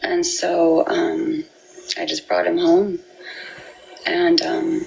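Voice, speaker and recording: A woman giving a halting, emotional personal account, often repeating words and restarting. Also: lowish voice, completely flat delivery, vocal fry, darkish tone, a little hiss or hum, rough recording. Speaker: parent telling her story.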